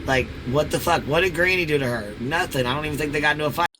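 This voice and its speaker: A man co-hosting a live reaction stream talks in an excitable, profane way, quick to laugh. A clear hum of air conditioning runs behind his voice. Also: on the high side. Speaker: co-host.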